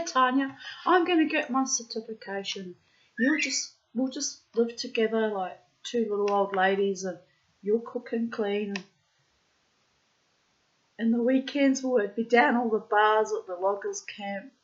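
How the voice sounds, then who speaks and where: Woman doing a bossy scheming nurse friend, high, loud, insistent, dull lo-fi sound. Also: measured pace, natural voice. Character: pushy scheming female nurse friend, brash.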